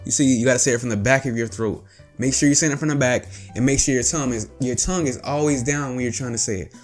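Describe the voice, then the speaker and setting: A man's voice: mid-range voice, fast talker, soft background music. Chatty man explaining a voice tutorial. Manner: chatty, repetitive, explains step by step with fillers. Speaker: voice tutorial host. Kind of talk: casual instructional talk.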